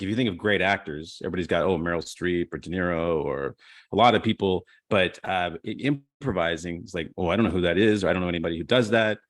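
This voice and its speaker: A middle-aged man talking about improv on a video call, telling lively stories and acting out quotes. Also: low voice, no echo, clean studio sound. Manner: animated storyteller, acts out quotes. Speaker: improv teacher. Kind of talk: casual conversation.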